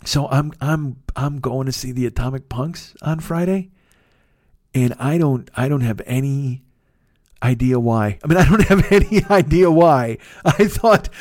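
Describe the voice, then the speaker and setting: A man's voice: on the high side, darkish tone, no echo, clean studio sound. Profane, exasperated man ranting. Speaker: podcast host. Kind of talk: casual storytelling monologue.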